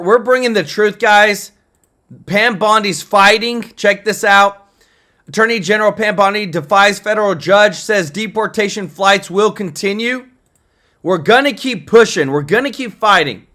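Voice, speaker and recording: A man's voice: high-pitched, bright, forceful tone. A man hosting a casual news livestream, chatty and thanking viewers for their super chats.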